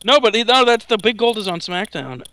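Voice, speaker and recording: A man's voice: sits high, very animated, a little fast, bright, forceful tone. A young man co-hosting a game stream, joking and helping with the game menus. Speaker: co-host. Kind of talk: casual gaming chat.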